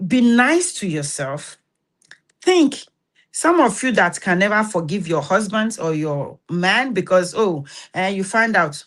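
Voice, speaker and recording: A woman from Nigeria with a Nigerian accent, hosting an advice talk, telling stories in an animated and preachy way and acting out the dialogue. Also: medium pitch. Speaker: host.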